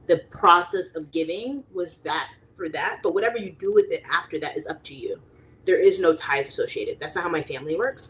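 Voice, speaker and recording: A young adult woman hosting a livestream, chatting casually and rambling with lots of fillers, reading chat and acting out quoted people. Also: fairly low pitch.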